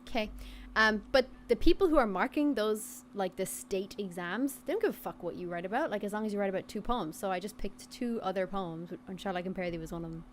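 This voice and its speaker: A woman's voice: mid-range voice, brisk, slight background noise. A woman co-hosting a casual chat, telling stories with giggles and casual swearing. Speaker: co-host.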